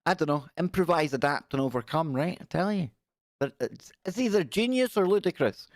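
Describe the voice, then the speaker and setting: A man's voice: fairly high pitch, animated, brisk, dry recording, studio quality. A middle-aged man hosting a casual live stream, greeting viewers by name and joking around.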